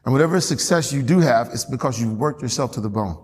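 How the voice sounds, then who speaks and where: A male pastor preaching a lively sermon in church, calling out to the congregation and repeating key phrases. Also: medium pitch, fast talker, slightly rough, long reverb tail. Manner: animated, call-and-response with congregation, repeats phrases, laughs often. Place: church sanctuary.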